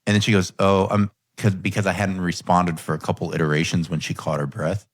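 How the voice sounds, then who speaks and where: With a low-sitting voice, a level tone and a brisk pace, this coaching podcast host recounts a personal story in an earnest, conversational way, candidly reflecting and voicing his own past thoughts. The recording is dry and studio quality.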